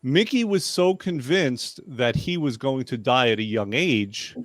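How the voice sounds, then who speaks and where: A man hosting a casual chat, telling stories with slow, drawn-out emphasis. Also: medium pitch, animated, a bit bright, no echo, clean studio sound.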